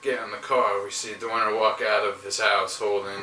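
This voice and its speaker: A man from New Jersey telling a story among friends, halting with frequent "uh.". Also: on the low side, little pitch movement, sharp tone. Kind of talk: casual anecdote telling. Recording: distant, roomy home camcorder audio.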